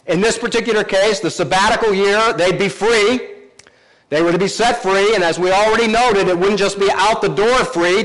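High-voiced man preaching a sermon. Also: fairly bright tone, low-quality recording. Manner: teaching, emphatic repetitions. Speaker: pastor.

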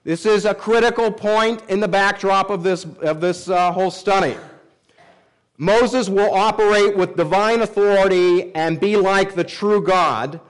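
A middle-aged male pastor teaching verse by verse in a measured, explanatory way, slowing down to quote scripture. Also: sits high, clear, resonant tone, poor audio. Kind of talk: sermon, verse-by-verse Bible teaching.

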